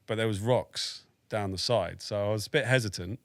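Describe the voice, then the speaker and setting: British ex-soldier around forty, blunt and dry-humoured, lowish voice, close dry studio sound. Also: male voice, moderate pace, dry recording. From United Kingdom. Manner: frank and matter-of-fact, swears, dry humour. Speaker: army veteran guest. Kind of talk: casual storytelling in a podcast interview.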